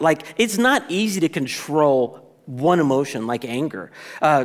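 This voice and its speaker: A man preaching a sermon to a congregation in a conversational, animated way, often restarting his sentences and acting out quoted reactions. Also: fairly high pitch. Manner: conversational, animated, self-interrupting, with playful quoted asides. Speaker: pastor.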